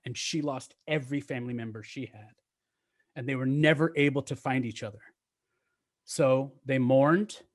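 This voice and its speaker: A man telling a long story to a gathering, halting with ums and restarts, slowing and softening at touching parts. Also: mid-range voice. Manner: halting, with many ums and restarts, slowing and quieting at emotional moments.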